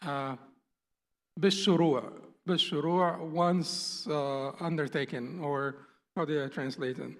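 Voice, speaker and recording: Man lecturing, slightly high voice, echoing hall. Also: fairly even intonation, normal speed, fairly bright tone. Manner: patient, explanatory, often rephrases and restates terms. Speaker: instructor. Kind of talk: classroom lecture.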